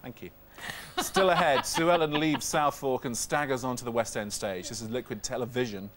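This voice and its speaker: A man's voice: medium pitch, fairly even intonation, fairly quick. A man hosting a gossip news show, jokey and self-mocking as he banters with his guests. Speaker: host. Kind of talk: chatty showbiz news presenting.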